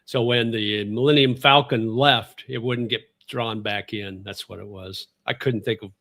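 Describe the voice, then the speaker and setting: A man's voice: fairly low pitch, fairly even intonation, unhurried, a bit bright. A man hosting a casual livestream chat, rambling and self-correcting as he answers viewers, laughing often. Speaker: livestream host.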